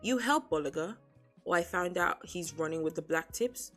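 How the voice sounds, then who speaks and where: A woman reading aloud the lines of a calculating young male crime boss, in a flat, even way with her own low voice. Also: moderate pace, soft background music. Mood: cold threatening.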